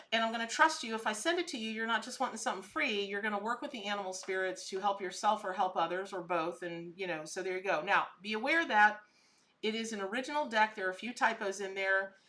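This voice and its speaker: A woman's voice: mid-range voice, pushed and bright. A middle-aged woman, hosting a live stream and chatting with viewers, gushing and exclaiming. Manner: chatty and gushing, exclaiming at what she sees. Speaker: livestream host, tarot and spirit animal reader.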